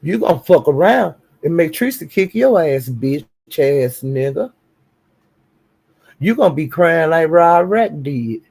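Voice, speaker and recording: A man ranting on a live stream, taunting someone with profane insults and slow, drawn-out jabs. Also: a little high, expressive, vocal fry, darkish tone. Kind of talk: heated live-stream rant.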